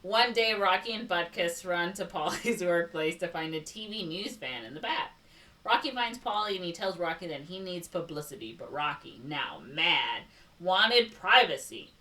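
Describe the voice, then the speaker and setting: A woman's voice: lowish voice, pushed and bright, distant mic, low-quality recording. A woman with a Chicago accent co-hosting a podcast, reading a plot summary aloud and breaking off for sarcastic asides. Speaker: podcast co-host. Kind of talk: casual movie recap podcast.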